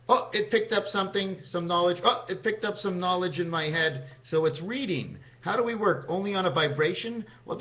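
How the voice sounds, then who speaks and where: A man talking in a meandering vlog monologue, counting out numbers and speaking directly to his viewers. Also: high voice. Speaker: vlogger. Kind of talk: rambling numerology monologue to camera. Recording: dull lo-fi sound.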